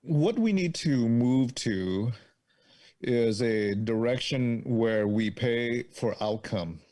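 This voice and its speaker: A male doctor speaking in a measured way, often repeating words and adding "right?". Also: medium pitch, a little mellow. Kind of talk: casual chat.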